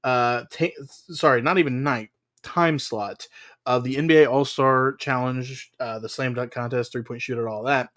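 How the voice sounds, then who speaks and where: A man's voice: mid-range voice, steady tone, normal speed, fairly bright tone. A man co-hosting a casual wrestling podcast, rambling through the news with frequent "uh"s and laughs. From United States. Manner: rambling, laughs often, lots of filler "uh". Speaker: podcast co-host.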